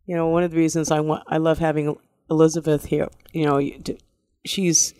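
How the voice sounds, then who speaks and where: A middle-aged woman hosting a casual interview, asking gentle questions in an encouraging tone with spiritual phrasing. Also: deep voice, little pitch movement, brisk, clean tone, dry recording, studio quality. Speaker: podcast host.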